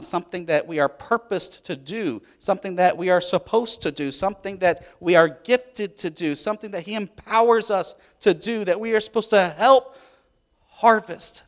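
A man preaching a sermon as a pastor, telling a story in an animated way and swinging between loud and hushed. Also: a little high.

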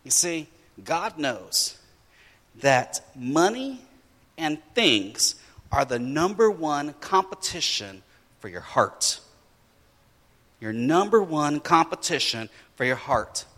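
A man preaching a sermon, telling a family story in an animated way and acting out his children's voices. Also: a little high, slow pace, pauses often, big-room sound. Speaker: pastor.

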